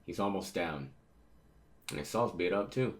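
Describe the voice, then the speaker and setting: A man's voice: sits low, expressive, moderate pace. A man casually reading a manga chapter aloud and reacting, often stumbling over words as he goes. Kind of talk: casual manga read-through with commentary.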